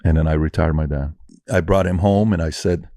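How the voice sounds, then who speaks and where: A man's voice: extremely low pitch, fairly even intonation, brisk, dark tone, dry recording, clean studio sound. A man telling a personal story in an intense, blunt, self-critical way. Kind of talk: emotional personal anecdote.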